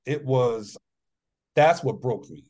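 A man who is an author and former athlete guests on a podcast, candidly sharing a personal story in an earnest, reflective way and acting out the dialogue. His voice is medium-pitched, slow and a little mellow.

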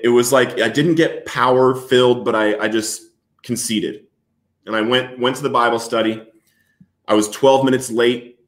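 A man as an interview guest, telling a personal recovery story in an earnest, halting way with many restarts. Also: lowish voice, fairly bright tone, echoey room.

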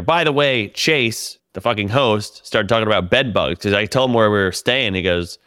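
Profane, animated male storyteller, smooth voice. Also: on the low side, normal speed, few pauses, no echo, studio quality. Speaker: comedian telling tour stories. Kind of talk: casual podcast chat.

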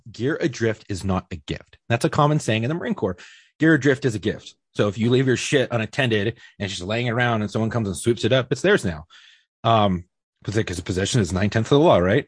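A man co-hosting a podcast, a former Marine telling stories in animated, profane casual chat. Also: on the low side, breathy edge, no room sound, studio quality. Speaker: podcast co-host, police officer, former Marine.

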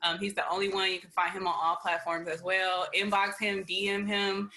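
A woman's voice: medium pitch, flat delivery, moderate pace, sharp tone, poor audio. A woman guest on a podcast, talking passionately and urging listeners like a preacher. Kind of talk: casual podcast chat.

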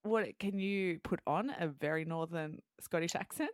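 A woman hosting a show who explains English words clearly and then interviews a guest. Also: fairly low pitch, no echo, clean studio sound. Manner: clear, measured teaching delivery. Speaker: host and English teacher.

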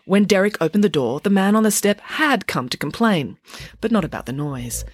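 A woman narrating a children's storybook in a wry, expressive way. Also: mid-range voice, normal speed, breathy edge, no echo, clean studio sound. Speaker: audiobook narrator.

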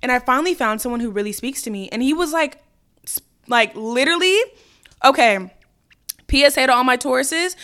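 A young woman hosting a solo podcast, talking in a loose, animated, rambling way and swearing casually. Her voice sits a little high for a woman. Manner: chatty, animated, swears casually, scattered storytelling. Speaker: podcast host.

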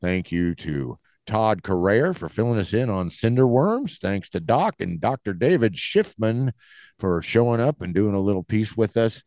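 A man's voice: lowish voice, expressive, normal speed, darkish tone, no echo, studio quality. A man co-hosting a podcast in casual chat, encouraging and chuckling often. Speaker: podcast co-host.

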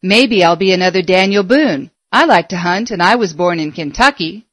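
A woman voicing a gruff, curt young male game warden. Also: on the low side, animated, moderate pace, no echo.

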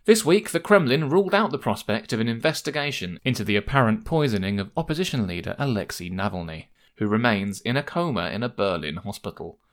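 A man's voice: lowish voice, expressive. Dry man reading satirical news. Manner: dry, measured. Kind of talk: scripted comedy newsreading.

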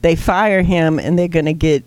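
A woman's voice: fairly low pitch, fairly even intonation, normal speed, darkish tone, dry recording. A woman co-hosting a talk show, chiming in and teasing with casual chat. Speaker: co-host.

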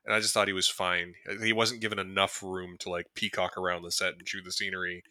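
A man's voice: sits low, flat delivery, quick pace, sharp tone, no room sound, studio quality. A man co-hosting a movie podcast, talking casually and rambling with lots of fillers and chuckles. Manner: laid-back, rambling, frequent fillers and chuckles. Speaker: podcast co-host. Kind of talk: casual movie review chat.

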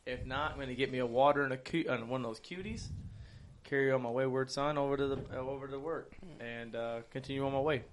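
A man's voice: mid-range voice, fast talker, a little hiss or hum. A man co-hosting a podcast in casual chat, with loose, profane, laughing banter. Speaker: podcast co-host.

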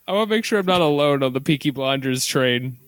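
A man hosting a comedy podcast, giggly and quick to tease the others. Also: medium pitch, lively intonation, fairly bright tone, no room sound, studio quality. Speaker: podcast host. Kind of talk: casual comedic chat.

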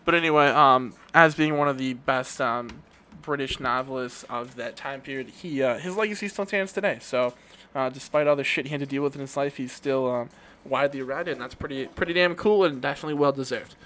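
A man's voice: mid-range voice, a little fast, pushed and bright, slight background noise. A man co-hosting a podcast in a casual, rambling chat, often laughing and restarting his sentences with fillers. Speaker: podcast co-host.

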